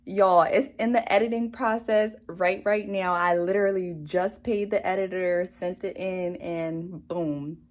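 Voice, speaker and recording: Alone indoors at home, a young woman talks straight into her camera mic about her new book in a casual, excited vlog, bubbly and laughing as she goes. Her lowish voice has fairly even intonation, a slightly slow pace, and hardly any pauses.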